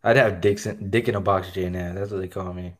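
A man's voice: sits low, fairly even intonation, fairly quick, a crowd in the background. A man in casual chat with a dry, teasing manner.

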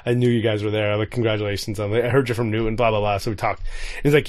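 A man's voice: on the low side, fairly even intonation, racing, no echo. Rambling man telling family stories. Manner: rambling storyteller, acts out quotes. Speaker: podcast co-host. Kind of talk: casual chat.

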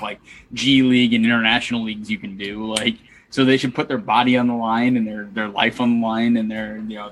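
A young man in a mid-pitched voice tells a story on a podcast in a relaxed, chatty way. A faint hiss sits under the recording. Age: young adult. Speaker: podcast co-host. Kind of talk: casual podcast chat.

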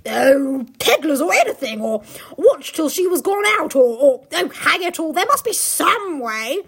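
A woman's voice: high voice, very animated, a little slow, vocal fry, fairly bright tone, voice pushed up, exaggerated voice. A woman reading aloud as an eager, impatient schoolboy from a storybook, blustering about plans.

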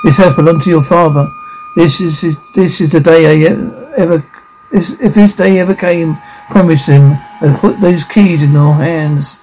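A curt, cryptic middle-aged occult investigator, played by a man in an amateur audio drama. The voice is mellow and warm, a little high for a man. He talks in clipped, knowing statements. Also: normal speed, a little hiss or hum, close to an everyday voice, poor audio.

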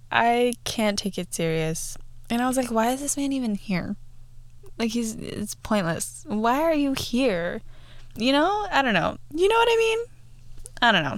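A woman's voice: fairly high pitch, clean tone, no echo. A young woman in her twenties hosting a podcast, chatting casually about movies with many fillers and restarts. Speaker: podcast host. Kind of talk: casual movie review chat.

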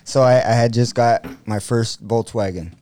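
A man's voice: medium pitch, normal speed, mellow, clean tone, dry recording. A young man telling a story in a casual chat with friends, slangy and profane, laughing often.

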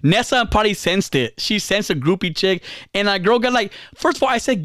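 Animated man telling a podcast story. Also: fairly quick, hardly any pauses, no room sound, studio quality. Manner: animated storytelling, acts out quotes with big pitch jumps. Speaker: podcast host. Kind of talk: casual podcast chat.

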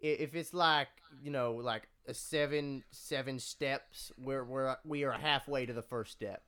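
A man's voice: mid-range voice, steady tone, measured pace, fairly bright tone, clean tone. A teenage boy co-hosting a casual podcast, dropping dry, wry quips. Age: teens. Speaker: podcast co-host. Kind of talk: casual chat.

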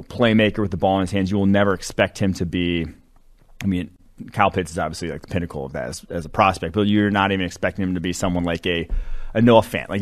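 A man co-hosting a sports podcast, breaking down draft prospects in loose, rambling talk with lots of fillers. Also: sits low. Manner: rambling, filler-heavy analysis. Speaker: co-host. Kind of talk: casual sports podcast chat.

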